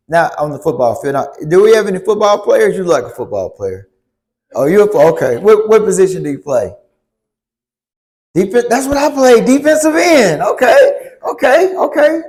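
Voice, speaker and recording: A man telling a story to a church youth group, animated, stopping to ask the audience questions. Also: sits high, normal speed. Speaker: youth speaker.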